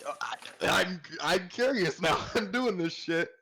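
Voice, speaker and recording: Excitable young-sounding man, slightly high, very lively pitch, swears a lot in casual chat. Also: unhurried, husky.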